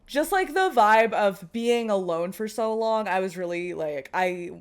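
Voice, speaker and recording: A woman's voice: mid-range voice, expressive, measured pace, smooth. A woman co-hosting a tabletop gaming podcast, chatting casually with fillers and frequent laughter. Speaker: podcast co-host. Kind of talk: casual chat.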